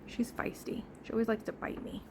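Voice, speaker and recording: A woman's voice: fairly quick, background noise. Woman homesteading vlogger, casual rambling chat, recorded indoors at home. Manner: chatty, easily sidetracked.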